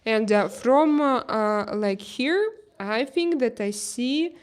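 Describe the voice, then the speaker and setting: A young woman with a Russian accent chatting casually on a phone live stream, halting with fillers and restarts, reading chat messages. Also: a little high, expressive. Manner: halting, many fillers and restarts, laughs easily. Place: home terrace.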